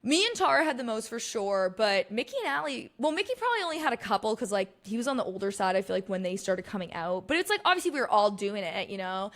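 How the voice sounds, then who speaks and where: A young woman hosting a podcast in casual chat, animated and laughing often, slipping into quoted voices. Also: mid-range voice, fast, hardly any pauses. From Boston area. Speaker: podcast host.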